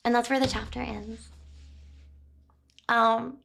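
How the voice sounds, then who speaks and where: A woman's voice: fairly high pitch, measured pace, vocal fry, long pauses. A woman streamer casually retelling a novel chapter, rambling with lots of fillers, giggling and apologizing. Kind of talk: casual chatty book retelling.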